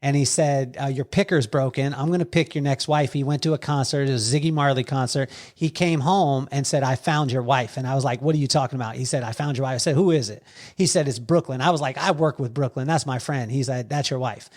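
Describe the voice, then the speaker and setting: A man telling stories as a podcast guest, animated and quoting others with lively voices. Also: medium pitch, quick pace. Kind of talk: storytelling conversation.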